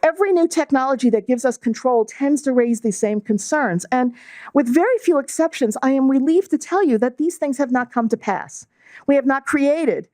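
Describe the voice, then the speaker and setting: Explanatory woman lecturer, slightly high voice. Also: a little mellow, no echo. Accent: New York. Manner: measured, explanatory, with fillers. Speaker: guest speaker, law and bioethics professor. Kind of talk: lecture to a club audience.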